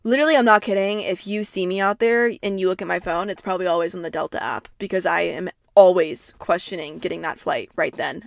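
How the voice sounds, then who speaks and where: A young woman hosting a podcast, telling stories in a casual, animated way, swearing freely and saying "like" constantly, and calling herself dramatic. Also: medium pitch, a little fast, gravelly, dry recording. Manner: self-described dramatic. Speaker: podcast host. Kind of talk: casual storytelling monologue.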